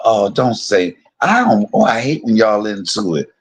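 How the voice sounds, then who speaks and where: A man's voice: fairly low pitch, lively intonation, normal speed, few pauses, slightly rough. A man on his own livestream, delivering a heated, profane and confrontational rant that circles back on itself and repeats points. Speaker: live streamer.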